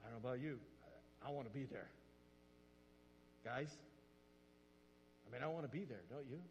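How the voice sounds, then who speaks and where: A man preaching a sermon as pastor, animated and quick, often putting questions straight to his listeners. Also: medium pitch, dull audio. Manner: animated, quick, asks the audience direct questions. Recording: long reverb with audible hum.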